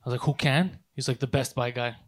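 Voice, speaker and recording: A man telling a long story in casual podcast chat, swearing often and acting out the people in it. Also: mid-range voice. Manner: fast, profane, animated storytelling. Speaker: podcast host.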